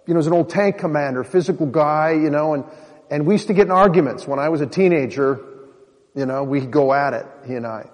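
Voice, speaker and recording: A man from Minnesota giving an earnest personal testimony to an audience, talking to the crowd directly. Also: fairly high pitch. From Minnesota, USA. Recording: long hall reverb.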